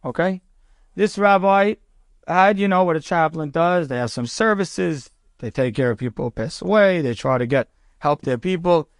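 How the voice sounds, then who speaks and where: A man, a rabbi, telling a story in a sermon with a conversational, animated manner. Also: on the high side, moderate pace, no room sound, studio quality.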